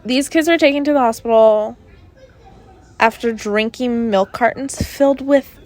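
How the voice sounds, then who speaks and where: A woman's voice: a little high, measured pace, a little mellow. A young woman hosting a casual solo podcast from her bedroom, rambling through stories with lots of fillers and asides. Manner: chatty, rambling with many fillers. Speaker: podcast host. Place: bedroom at her parents' home.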